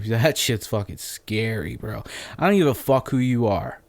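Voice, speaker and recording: A man's voice: lowish voice, animated, normal speed, gravelly, dry recording. A man hosting a solo podcast, telling a story in a rambling, profane, off-the-cuff way, a little phlegmy. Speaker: podcast host.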